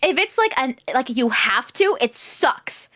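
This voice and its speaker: A woman guest in casual chat, joking and reacting quickly. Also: sits high, very animated, noisy background. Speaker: streaming guest.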